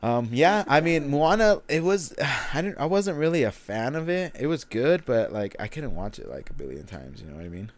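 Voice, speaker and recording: A young man chatting casually about favorite songs, profane and quick to laugh. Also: mid-range voice. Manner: profane, laughs often, lively storytelling. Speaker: co-host. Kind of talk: casual chat.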